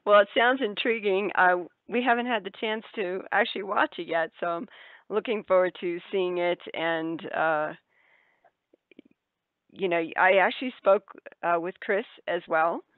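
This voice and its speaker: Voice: medium pitch, measured pace, dry recording. An interviewer chatting casually, with filler words, and asking the guest questions. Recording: tinny dry phone line.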